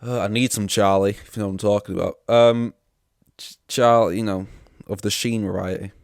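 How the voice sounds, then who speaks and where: A man's voice: lowish voice, steady tone, brisk, vocal fry, no echo, studio quality. A young man hosting a solo podcast, rambling in a sarcastic, sweary way. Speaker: podcast host. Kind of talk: casual solo podcast monologue.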